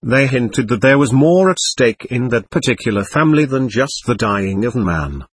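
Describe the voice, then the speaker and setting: A man narrating a story in a steady, measured reading style. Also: mid-range voice, breathy edge, no echo.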